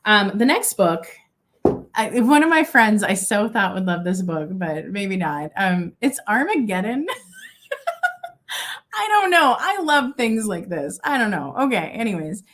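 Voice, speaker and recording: A woman's voice: medium pitch, very animated, unhurried, fairly bright tone, slight background noise. A young woman from Minnesota hosting a live-stream vintage auction, chatty and gushing, with lots of fillers and asides.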